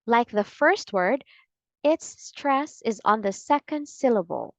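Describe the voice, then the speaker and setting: A woman giving a scripted English pronunciation lesson, saying model words slowly and clearly. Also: on the high side, expressive, dry recording.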